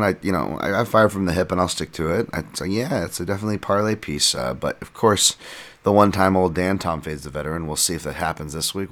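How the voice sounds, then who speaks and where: A man's voice: deep voice, fairly bright tone. A man hosting a podcast on his own, rambling through a casual breakdown with self-deprecating asides. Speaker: podcast host and fight analyst.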